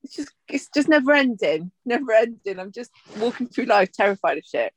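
A woman co-hosting a podcast in casual chat, expressive and full of joking complaints, swearing freely. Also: a little high, a little fast, dry recording. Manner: expressive, swears freely, jokey exaggerated fear. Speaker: podcast co-host.

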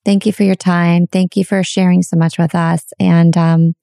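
A woman's voice: on the low side, flat delivery, moderate pace, gravelly, warm tone, no room sound, studio quality. A woman hosting a podcast interview, talking in an emotional, affirming way with many murmured agreements. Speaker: podcast host. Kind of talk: casual interview chat.

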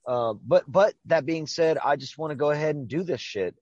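A man's voice: fairly high pitch, darkish tone, no echo, muffled recording. Profane joking male podcast host. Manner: profane, joking, talks in quick bursts. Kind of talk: casual crude podcast banter.

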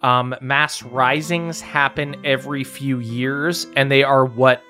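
A man narrating a tabletop game as game master, relaxed, with many fillers and frequent laughter. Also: mid-range voice, slow pace, faint music behind.

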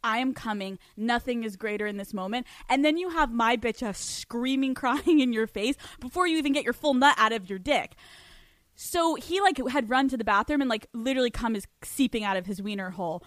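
High-voiced woman podcast host. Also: fairly quick, dry recording. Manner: animated, profane, laughs often mid-sentence. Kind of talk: casual storytelling monologue.

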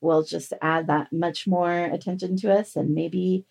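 A woman's voice: lowish voice, steady tone, unhurried, vocal fry, a little mellow. A woman co-hosting a casual podcast, talking in an enthusiastic, rambling way. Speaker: podcast co-host.

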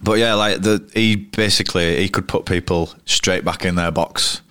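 A man's voice: low voice, steady tone, moderate pace, sharp tone, clear, resonant tone, no echo, clean studio sound. A man in his thirties, a cricketer guest telling anecdotes in a rambling, casual way full of restarts. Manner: rambling, frequent restarts and fillers. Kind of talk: casual storytelling interview.

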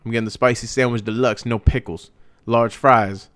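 Smooth-voiced young man telling a story. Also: mid-range voice, normal speed, no room sound. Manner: animated storyteller acting out quotes. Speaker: podcast co-host. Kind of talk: casual storytelling chat.

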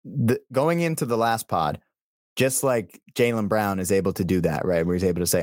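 A man co-hosting a sports podcast, telling things in a relaxed, rambling way. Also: sits low, brisk, no echo, clean studio sound. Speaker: podcast co-host. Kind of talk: casual sports chat.

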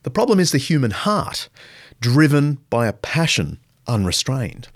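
A man's voice: mid-range voice, big pitch swings, a little slow, no room sound, studio quality. A man hosting a podcast, answering listener questions in a thoughtful, emphatic way. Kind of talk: reflective Q&A answers.

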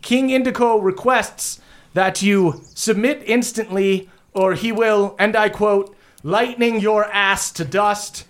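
A man's voice: sits high, steady tone, slow, voice pushed up. A man voicing a terrified male envoy who stammers and begs as he delivers a threat. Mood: pleading. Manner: stammering, pleading.

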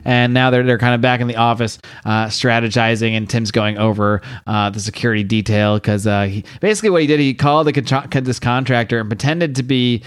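A man's voice: medium pitch, level tone, brisk, hardly any pauses, smooth. A young man co-hosting a podcast, recapping a comic book in casual chat, laughing often and acting out the quotes. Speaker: podcast co-host.

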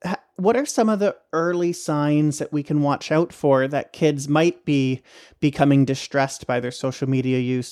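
A man's voice: medium pitch, darkish tone. A man co-hosting a podcast interview, asking thoughtful probing questions. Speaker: podcast co-host.

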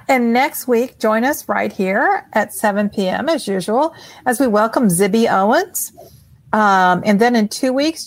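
A woman's voice: mid-range voice, no room sound. A woman co-hosting an online book show over a video call, chatting casually and laughing at herself. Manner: laughing, self-mocking. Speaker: co-host. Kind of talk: casual chat.

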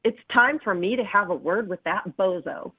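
A woman reading a storybook aloud, voicing a grumpy male monster with a gruff, grumbling manner. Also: medium pitch, moderate pace, close to an everyday voice. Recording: tinny phone-like line.

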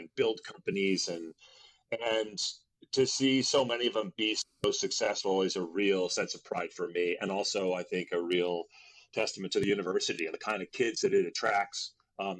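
A middle-aged man from Berkeley, an actor and guest, telling stories in a casual interview, rambling with fillers and leaping in pitch when he acts out voices. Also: poor audio. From Berkeley, California. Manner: animated, acts out quoted voices with big pitch jumps; rambling with many fillers and restarts.

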